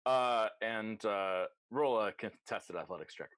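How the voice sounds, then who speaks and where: A man narrating as game master in an online tabletop game, animated and quick to put on voices. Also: on the low side, no echo.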